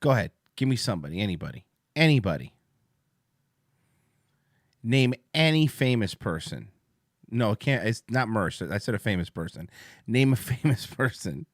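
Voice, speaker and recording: A man's voice: on the low side, very animated, normal speed, long pauses, no echo, studio quality. A man hosting a comedy podcast, riffing sarcastically and swearing freely. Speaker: podcast host. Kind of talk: comedic commentary.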